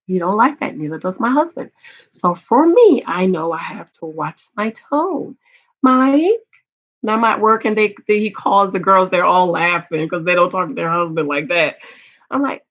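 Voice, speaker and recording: A middle-aged woman giving loud, emphatic casual commentary on a reality show and reading viewer comments. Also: medium pitch, moderate pace, highs cut off. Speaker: vlogger reviewing a reality show.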